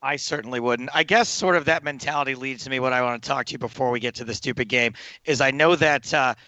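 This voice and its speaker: A man with a bright, forceful voice at average pitch, talking casually and asking his guest wry questions. He sounds close and dry, with no room echo. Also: fast. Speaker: podcast host. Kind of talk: casual interview chat.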